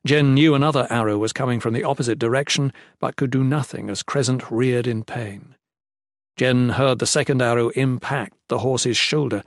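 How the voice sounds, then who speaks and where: A man narrating a fantasy audiobook in a steady, measured storytelling manner. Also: medium pitch, no room sound, studio quality.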